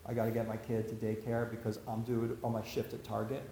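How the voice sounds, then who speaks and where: A man quoting a frazzled young mom, hushed. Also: fairly low pitch, completely flat delivery, a little fast, slight background noise, voice pushed down, lightly acted. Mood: grateful, rushed. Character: frazzled grateful young mother, woman, twenties. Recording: echoey hall, faint ambience.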